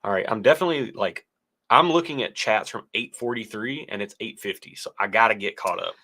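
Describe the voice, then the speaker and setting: Sounding congested, this young man talks a little fast in a bright, forceful voice on the low side. As co-host of a casual whiskey tasting stream, he reads chat messages out loud and rambles with easy laughter.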